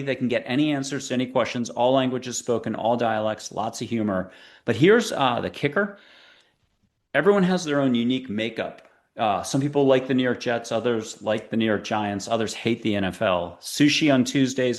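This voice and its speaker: Chatty, playful man in interview. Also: medium pitch. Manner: chatty and playful, with quick tangents. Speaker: guest, spiritual teacher. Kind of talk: conversational interview talk.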